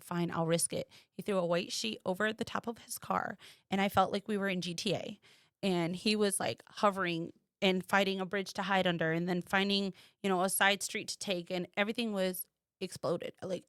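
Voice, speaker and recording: A woman from the United States telling a personal story as a podcast guest, animated and quoting others in lively voices. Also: medium pitch, no echo, clean studio sound.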